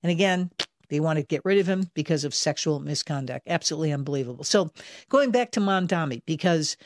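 A woman's voice: low-pitched, expressive, fast talker, no echo, clean studio sound. A woman, hosting political commentary in an emphatic, insistent way. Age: 60s. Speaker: talk show host.

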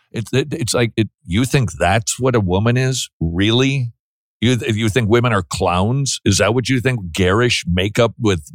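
A man's voice: low voice, dry recording, clean studio sound. A man giving blunt religious commentary on a talk show, talking in restarts and mocking asides.

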